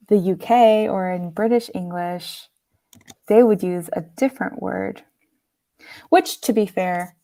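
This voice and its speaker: A woman joins an English lesson as a guest expert and gives example phrases in a relaxed way. Her voice has a gravelly, mellow texture. It is warm and unforced. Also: lowish voice. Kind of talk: casual explanation in a lesson.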